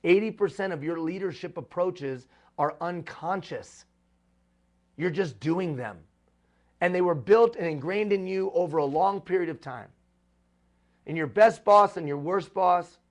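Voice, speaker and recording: A man giving a live motivational talk to executive leaders. He speaks emphatically and repeats refrains for rhetorical effect. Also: sits high.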